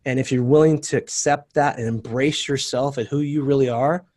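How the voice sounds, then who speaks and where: A man's voice: mid-range voice, fairly even intonation, normal speed, darkish tone. A man as an interview guest, telling his story earnestly over a video call. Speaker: guest, company cofounder. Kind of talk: casual interview chat.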